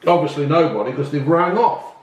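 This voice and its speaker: Chatty man with a lively voice. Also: fairly high pitch, a little fast, background noise. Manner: chatty, swears, addresses viewers as folks. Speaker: vlog host. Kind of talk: casual cooking vlog chat. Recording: echoey room.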